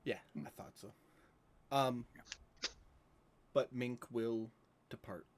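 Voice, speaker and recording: A man's voice: mid-range voice, slow, a little hiss or hum. A man narrating a tabletop game as game master, in a laid-back way with frequent fillers.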